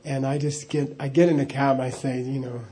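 A man's voice: mid-range voice, little pitch movement, a little fast, mellow. A middle-aged man telling a personal story in a casual, rambling way, with frequent chuckles and "you know" asides. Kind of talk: casual spoken anecdote.

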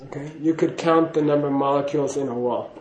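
A man's voice: fairly high pitch, steady tone, fast talker, darkish tone, echoey room, low-quality recording. A man giving a casual spoken teaching to a class, chatty and laughing, often checking in with "okay?". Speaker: Buddhist teacher.

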